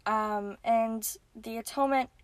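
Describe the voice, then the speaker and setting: A woman's voice: fairly high pitch, fairly even intonation, measured pace, no echo. A woman hosting a podcast and giving a casual religious lesson in an earnest way, with frequent ums and restarts. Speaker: podcast host.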